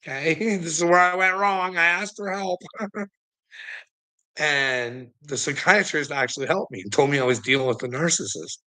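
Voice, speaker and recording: A man's voice: a little high, normal speed, sharp tone. A man hosting his own vlog, talking to his viewers in a rambling, profane monologue and laughing between his lines. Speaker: channel host.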